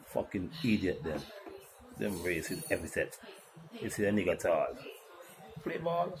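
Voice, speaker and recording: A man's voice: deep voice, moderate pace. A man delivering a profane, rambling monologue about his life. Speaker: musician telling his story. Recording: loud background noise.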